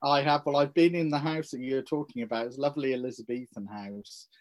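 A man with a mid-pitched voice shares history in a relaxed podcast chat. He is unhurried and easygoing, often hesitating on "uh" and "you know" as he spins his anecdotes. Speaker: local historian and podcast co-host. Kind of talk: casual podcast storytelling.

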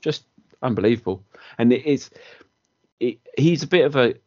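A man's voice: medium pitch, expressive, moderate pace, a little mellow, highs cut off. A man co-hosting a football podcast, steadily reeling off statistics. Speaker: podcast co-host. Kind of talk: casual football chat.

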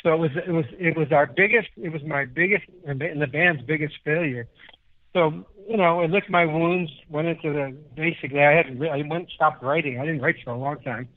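Older man from Chicago, interview guest; slightly raised pitch, rambling anecdotes, heard through a thin phone-style line. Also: fairly quick, phone-quality sound. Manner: animated, rambling anecdotes with many restarts. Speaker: guest musician. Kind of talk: casual interview storytelling.

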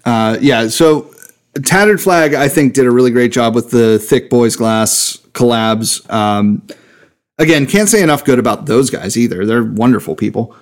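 A man's voice: mid-range voice, animated, normal speed. A man co-hosting a podcast in casual chat, enthusiastic and swearing freely. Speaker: podcast co-host.

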